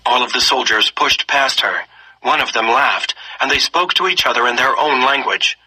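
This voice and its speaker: Bright, husky man reading a story. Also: mid-range voice, normal speed, rough recording. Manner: expressive reading, slipping into character voices. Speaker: story reader. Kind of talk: reading a story aloud with lesson questions.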